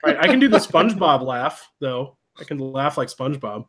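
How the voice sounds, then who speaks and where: A man's voice: medium pitch, sing-song, normal speed, a bit bright. A young man hosting a casual livestream, rambling with many fillers and frequent laughter, talking into a computer mic. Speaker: livestream host. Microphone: computer mic, mutes while typing.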